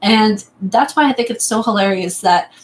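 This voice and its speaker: A woman's voice: medium pitch, moderate pace, poor audio. A woman hosting her own live stream, chatting casually, rambling a little, laughing often and greeting viewers as they arrive.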